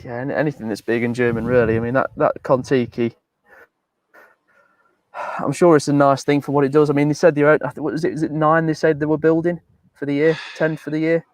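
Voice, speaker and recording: A man co-presenting a live show by video call, chatting in a relaxed, easygoing way. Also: fairly high pitch, fairly quick, no echo. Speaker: co-presenter calling in from a campsite. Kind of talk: casual live-stream chat.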